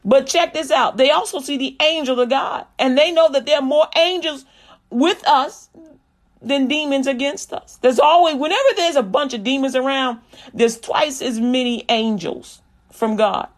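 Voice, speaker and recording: A middle-aged woman with a high voice preaches with comic storytelling. She acts out little exchanges and repeats key lines for emphasis. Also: moderate pace. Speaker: comedian and Christian speaker.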